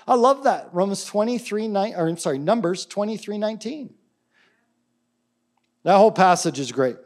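High-voiced man preaching casually. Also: a little mellow. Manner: casual, enthusiastic preaching with asides and restarts. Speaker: pastor. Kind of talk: sermon.

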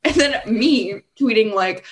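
With a slightly high, animated voice and a measured pace, a young adult woman chats as a podcast interview guest. She leans heavily on "like" and performs the voices of those she quotes, and a little hiss or hum can be heard.

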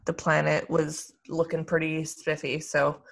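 A woman chatting as a podcast guest, blunt and animated, swearing casually. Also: low voice, measured pace, creaky, a loud crowd. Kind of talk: casual chat.

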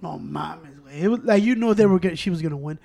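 High-voiced man, rambling bilingual banter. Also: fast talker, creaky, mellow. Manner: rambling, profane, mixes Spanish into English. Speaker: podcast co-host. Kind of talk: casual chat.

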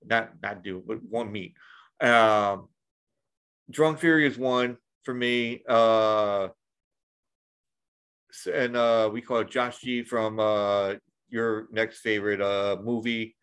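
A man's voice: fairly low pitch, steady tone, takes it slowly, a bit bright, clear, resonant tone. A man chatting casually on a podcast, rambling with lots of restarts and the odd swear. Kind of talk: casual chat.

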